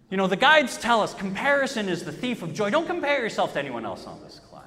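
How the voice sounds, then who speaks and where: A man's voice: sits high, wildly swooping pitch, fast, few pauses, bright, forceful tone, long reverb tail. A man preaching a sermon, telling a story in an emphatic, self-mocking way. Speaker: pastor.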